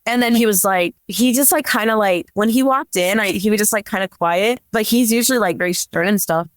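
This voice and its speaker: A young woman who works as a police dispatcher tells a story in casual chat, leaning on "like" constantly. Her mid-range voice runs a little fast. She's on a podcast microphone, and the sound is clean studio quality with no echo.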